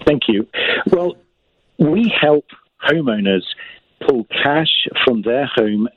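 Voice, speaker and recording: A man with a British accent, a startup founder pitching his company in a measured, explanatory way. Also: animated, dry recording. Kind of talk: business pitch over the phone. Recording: tinny phone line.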